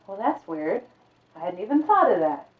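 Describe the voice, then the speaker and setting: A woman voicing a troubled young man who talks in a subdued, halting way. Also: mid-range voice, sing-song, close to an everyday voice. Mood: earnest. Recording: echoey, distant, phone-like sound.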